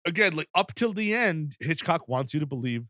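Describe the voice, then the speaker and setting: A man co-hosts a comedy film podcast, rambling chattily about scenes. His voice sits a little high and sounds bright. The recording is dry. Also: lively intonation, normal speed, dry recording. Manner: chatty, rambling, lots of fillers. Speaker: podcast co-host. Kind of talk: casual comedy film recap.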